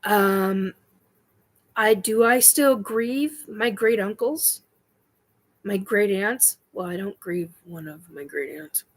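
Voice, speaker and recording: Slow, halting woman on a livestream. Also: medium pitch, low-quality recording. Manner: slow, halting, with many ums and self-corrections. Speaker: host of a spiritual livestream chat. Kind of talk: casual livestream chat reading viewer questions.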